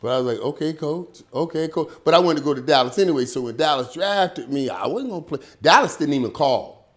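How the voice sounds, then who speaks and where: Telling stories fast at a medium pitch, this middle-aged former pro football player is an interview guest whose casual, animated speech keeps circling back on repeated words. He drops "man" and "dog" throughout.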